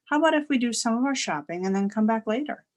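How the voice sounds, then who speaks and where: A woman's voice: fairly high pitch, lively intonation, fast talker, voice pushed up, close to an everyday voice. Woman reading as a cheerful, patient mom.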